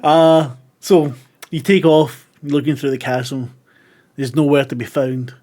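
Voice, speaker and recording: A man's voice: medium pitch, steady tone, measured pace, darkish tone. Joking man running a horror tabletop game. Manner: casual, swears, laughs easily. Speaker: game master.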